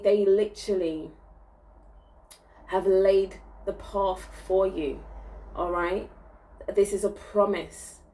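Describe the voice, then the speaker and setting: A soothing woman gives an intuitive spiritual reading, often checking in with her listeners. She talks at a middling pitch, a little off the microphone, with a faint hiss in the background. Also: dark tone, recorded from a distance, low-quality recording. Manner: soothing, reassuring, frequent "okay?" check-ins. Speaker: spiritual reader.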